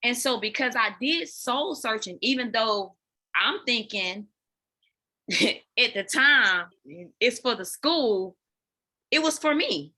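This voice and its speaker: Woman, podcast guest, personal storytelling, animated, fairly high pitch, bright, forceful. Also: slow, long pauses. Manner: animated, addresses listeners as y'all, repeats words when emotional. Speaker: podcast guest, dance fitness coach.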